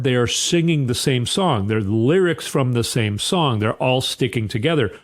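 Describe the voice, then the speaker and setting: A man hosting a political commentary show, sarcastic and often sighing. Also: mid-range voice. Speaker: host.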